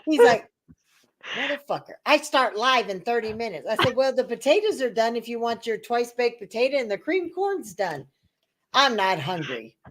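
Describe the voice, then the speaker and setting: A woman hosting a live talk stream, telling stories in casual chat and acting out the other people's lines in a lively, profane way. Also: fairly high pitch, a little fast, hardly any pauses, a little hiss or hum. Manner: profane, animated, acts out voices in her stories.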